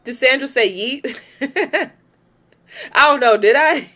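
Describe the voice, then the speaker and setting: A young woman hosting a reaction video in a high, bright voice. She comments bluntly and with exasperation, swears freely and breaks into laughter. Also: slow. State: pregnant.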